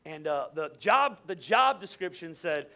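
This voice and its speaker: A man's voice: fairly high pitch, big pitch swings, unhurried, sharp tone. A man in his forties from Pennsylvania, a pastor preaching a sermon in a nasal voice, telling stories and stumbling over repeated words. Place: church service.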